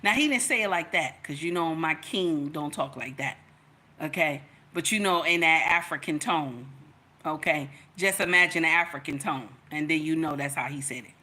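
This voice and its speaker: A woman's voice: low voice, moderate pace, sharp tone. A woman from Nigeria hosting a casual commentary livestream, chatty and preachy, talking straight to her viewers. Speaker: commentary channel host.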